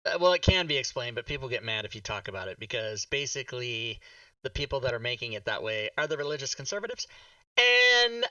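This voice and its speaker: Bright, blunt man on a dull distant mic. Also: medium pitch, very animated, fairly quick, no echo. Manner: blunt, joking, swears casually. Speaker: streamer host. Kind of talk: casual chat on a live stream.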